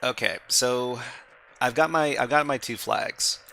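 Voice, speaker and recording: A man's voice: mid-range voice, unhurried, creaky, pushed and bright. A man hosting a live stream, chatting casually as he works through a hacking exercise, often restarting his phrases. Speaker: stream host.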